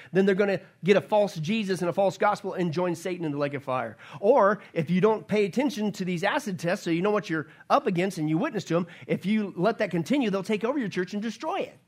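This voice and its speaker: Man, pastor, sermon, high voice, emphatic, question-and-answer delivery. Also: quick pace, few pauses. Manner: emphatic, asks the congregation questions and answers them. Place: church sanctuary.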